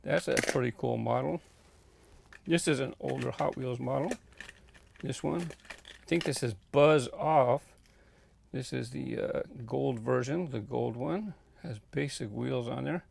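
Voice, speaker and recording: In a casual walk-through vlog, a breathless man ambles among his toy car collection in a home warehouse room, musing aloud with many fillers. He speaks unhurriedly at medium pitch, his tone gravelly, husky and somewhat dark, with long pauses.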